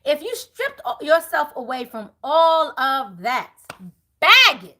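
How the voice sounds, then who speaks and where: A woman's voice: high-pitched, big pitch swings, slow, pushed and bright. A woman speaking as a tarot reader to her viewers, blunt and profane, laughing often. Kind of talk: animated monologue to viewers.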